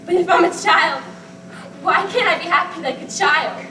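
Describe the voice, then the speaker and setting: Woman playing childlike grown daughter, pleading, breaking voice, very high pitch, distant echoey stage, clear hiss. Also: moderate pace, bright, forceful tone. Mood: desperate. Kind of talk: amateur stage acting.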